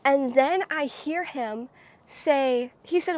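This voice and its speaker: A young woman telling a casual storytime to her viewers, animated and dramatic. Her voice sits high, and she fills her talk with "like" while building up the story. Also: slow, no room sound. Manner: animated, dramatic, many filler "like"s. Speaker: vlogger.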